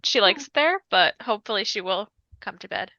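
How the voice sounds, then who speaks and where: A woman's voice: mid-range voice, lively intonation, a little fast, bright, forceful tone, no room sound. A woman co-hosting a streamed game, chatting casually in slangy, profane, playful talk. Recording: dull lo-fi mic.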